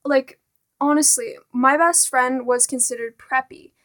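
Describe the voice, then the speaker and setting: A woman's voice: high voice, fairly even intonation, measured pace, a bit bright. Exasperated teen girl ranting. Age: teens. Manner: exasperated, full of "like" and "honestly". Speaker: vlogger. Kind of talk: casual rant to camera.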